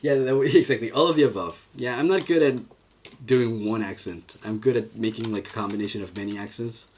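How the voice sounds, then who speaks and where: Somewhat fast and husky, a man with a fairly low, fairly even voice gives casual running commentary as he animates on stream. He thinks out loud while drawing and checks the chat.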